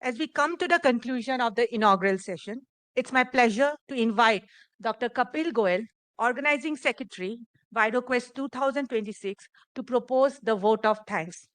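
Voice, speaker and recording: A woman with an Indian English accent making polite, measured announcements as emcee of a formal event. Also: fairly high pitch, fairly bright tone, no echo, low-quality recording. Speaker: master of ceremonies.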